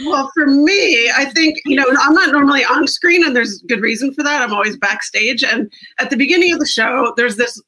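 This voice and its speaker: A woman's voice: high-pitched, fairly quick, hardly any pauses, bright, forceful tone, rough recording. A woman who works backstage on the show, telling a sheepish story with laughter. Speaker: backstage producer. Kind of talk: casual chat on a video call show.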